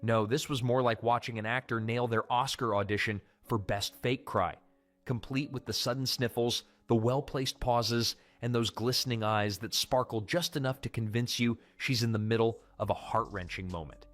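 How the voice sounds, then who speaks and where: A man's voice: mid-range voice, fairly even intonation, normal speed. Punchy male commentary narrator. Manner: punchy, dramatic delivery.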